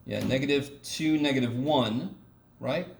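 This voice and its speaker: A casual man lecturing a math class, recorded from across an echoey room with faint noise behind him. His voice has a gravelly edge, and he jokes and swears mildly as he teaches. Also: mid-range voice, a little slow, distant mic. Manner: casual and joking, with mild swearing.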